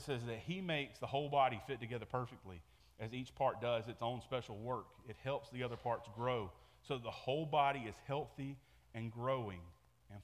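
A man's voice: medium pitch, in a large hall. A man preaching a sermon to his church in a casual, conversational way, often repeating words and restarting sentences. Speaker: pastor. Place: church sanctuary.

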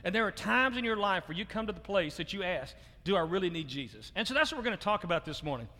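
Guy preaching in church, high bright voice, lots of stammered restarts, long hall echo. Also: lively intonation, fast talker. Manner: conversational, repeats words when restarting, chuckles often. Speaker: pastor. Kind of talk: sermon. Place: church sanctuary.

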